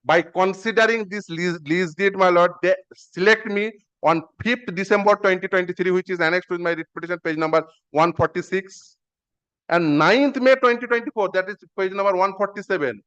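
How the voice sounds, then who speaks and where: A man's voice: sits high, moderate pace, a bit bright, clear, resonant tone. A man arguing his own petition in a courtroom, formal and deferential, repeating "my lord" often. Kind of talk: courtroom argument. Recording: muffled live-stream audio.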